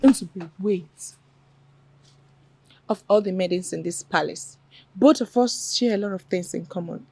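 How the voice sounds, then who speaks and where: A prying Nigerian palace maiden. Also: female voice, fairly low pitch, a little slow, creaky, pauses often, dark tone, slight background noise, low-quality recording. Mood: coaxing. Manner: persistent, coaxing. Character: young female palace maiden, prying and caring.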